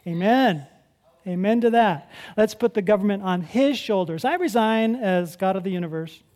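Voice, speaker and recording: A pastor preaching a sermon in a conversational, animated way, asking the congregation rhetorical questions and swinging between loud and hushed. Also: mid-range voice, moderate pace.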